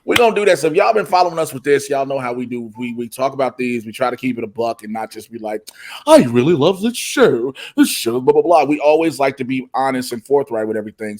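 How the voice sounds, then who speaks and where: A man co-hosting a casual TV review show, talking in an animated, slangy way and often laughing. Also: mid-range voice, fast.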